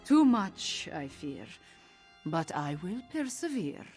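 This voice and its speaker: A woman's voice: fairly low pitch, big pitch swings, slow pace, darkish tone, faint music behind, exaggerated voice. An actress voicing a weary, bitter female feline diplomat and spy in a video game, speaking with a rolling, exotic accent. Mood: determined. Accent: exotic rolled-R accent. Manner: bitter, exasperated.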